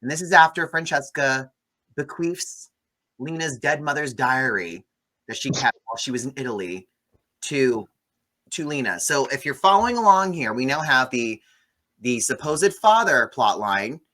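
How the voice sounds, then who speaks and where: Bright-voiced sarcastic man recapping a film. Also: medium pitch, normal speed. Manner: sarcastic, animated storytelling with swearing. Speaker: podcast host reviewing a movie. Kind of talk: casual chat.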